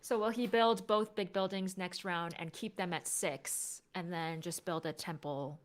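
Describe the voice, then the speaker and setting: Low-voiced woman co-commentating a game. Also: fairly even intonation, unhurried. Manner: conversational, peppered with "like", asks questions. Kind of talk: casual livestream commentary on a board game.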